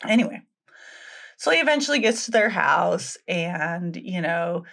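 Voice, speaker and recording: A woman's voice: on the low side, animated, a little slow, vocal fry, fairly bright tone. Chatty woman retelling a folktale. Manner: chatty, filler-heavy, laughs often, acts out quotes. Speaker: podcast co-host. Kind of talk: casual storytelling chat.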